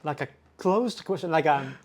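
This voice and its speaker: A man's voice: fairly high pitch, lively intonation, normal speed. Japanese-speaking man as agreeable co-host. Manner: short agreeing replies, hesitant. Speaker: podcast co-host. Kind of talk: casual chat.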